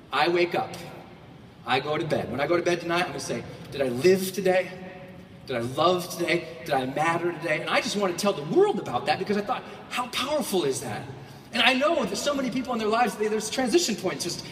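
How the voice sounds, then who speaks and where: A man giving a motivational keynote to a large audience. He swings between quiet reflection and shouted bursts, and he acts out quoted voices. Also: high-pitched, a little hiss or hum. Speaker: motivational speaker. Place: large hall. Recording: echoey hall from far off.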